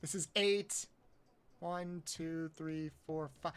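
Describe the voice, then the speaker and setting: Slow-talking man swearing on a game stream. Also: fairly even intonation, pushed and bright, smooth. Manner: counts aloud, swears often, yelps high in frustration. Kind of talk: casual live-stream chat while playing.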